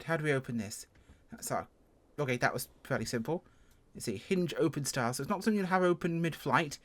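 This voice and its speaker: A flight sim plane gets a casual first-look review from a speaker with an English accent, from England. Expect chatty, self-deprecating talk with abrupt pitch jumps.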